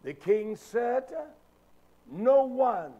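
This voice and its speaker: A man's voice: extremely high pitch, lively intonation, drawn-out words, mellow, rough recording. A man preaching a sermon with an emphatic, repetitive cadence.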